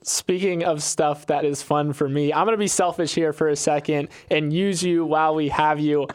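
A man with a fairly high voice, co-hosting a podcast interview. He asks his questions playfully and jokes along the way. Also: steady tone, normal speed, smooth. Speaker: podcast co-host.

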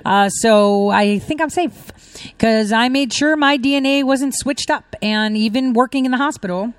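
A woman's voice: on the high side, moderate pace, clean tone, dry recording. A woman hosting her own commentary video, talking in a sarcastic, ranting way with scornful laughs. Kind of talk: casual monologue reacting to news clips.

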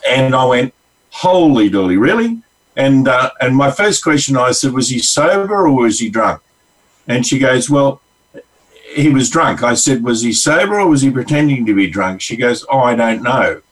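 A man's voice: medium pitch, expressive, normal speed, recorded from a distance, poor audio. A man with an Australian accent, a regular counselor on a radio show, telling rambling stories with acted-out quotes. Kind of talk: casual on-air storytelling.

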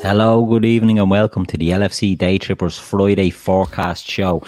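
A man hosts a casual football podcast, speaking low and fairly even. He calmly introduces each guest and steers the conversation. The sound is dry and close. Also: brisk, no echo, faint music behind. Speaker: podcast host.

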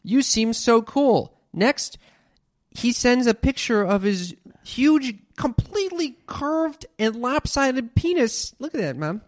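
A man's voice: very high voice, sing-song, slow pace. A man co-hosting a podcast in casual chat, swearing freely and sounding indignant as he reads messages aloud. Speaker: podcast co-host.

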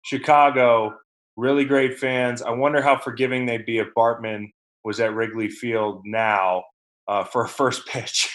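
A man's voice: medium pitch, level tone, unhurried, fairly bright tone. A man co-hosting a sports podcast, rambling in casual, conversational chat.

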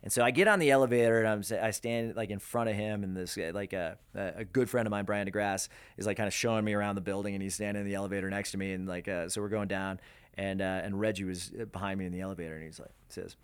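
Radio man in his forties, low voice, rambling anecdotes, easygoing interview guest. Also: fairly even intonation, very fast, smooth. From Denver, USA. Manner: rambling, lots of fillers and laughs. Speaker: radio DJ and program director, guest. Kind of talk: casual interview storytelling.

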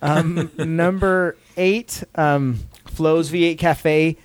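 A man's voice: fairly high pitch, steady tone, extremely slow, a crowd in the background. A man hosting a casual podcast, rambling and self-deprecating as he reads out a ranked list and justifies his picks. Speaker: podcast host.

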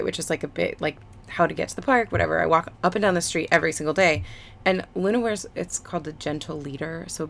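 A woman with a low voice and a lot of vocal fry chats casually. She rambles through her story with many fillers and small restarts. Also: fairly bright tone. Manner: rambling, filler-heavy, laughs along.

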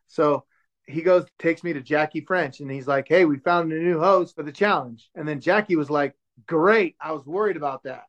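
A man in his forties telling a story in a casual chat, acting out the voices of the people he quotes. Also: on the high side. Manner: animated, acts out quoted dialogue. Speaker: show host telling a story as podcast guest. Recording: dull lo-fi sound.

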